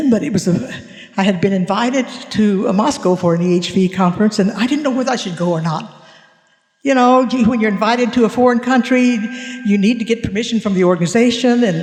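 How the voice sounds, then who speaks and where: A man's voice: high voice, a little mellow. A man giving a spiritual talk at a conference, telling a personal story and acting out the dialogue with animation. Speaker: conference speaker. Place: conference hall. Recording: echoey hall reverb.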